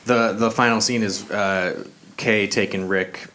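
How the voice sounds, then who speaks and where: A man's voice: fairly low pitch, steady tone, measured pace, sharp tone. A man co-hosting a casual movie review podcast, retelling the plot loosely with fillers and quoted asides. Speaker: podcast co-host.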